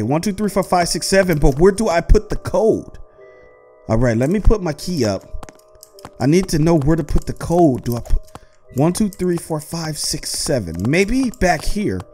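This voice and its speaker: A man giving excited gameplay commentary as host, talking to his viewers and yelping and shouting when something chases him. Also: a little high, unhurried, soft background music. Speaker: gaming host.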